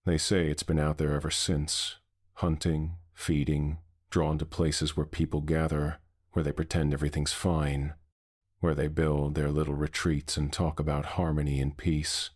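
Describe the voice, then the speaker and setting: A man's voice: very deep voice, level tone, moderate pace. A man voicing a frightened, bitter man in his fifties who steadies himself to face a monster. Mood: grim. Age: 50s. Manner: shaky but steadying, bitter. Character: shaken middle-aged man facing a monster.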